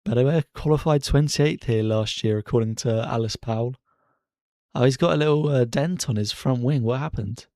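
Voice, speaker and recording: A man streaming casual live race commentary from his bedroom, chatty and excitable as he cheers drivers on. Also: mid-range voice, normal speed, dry recording, studio quality. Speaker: streamer hosting a racing watchalong. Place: bedroom at home.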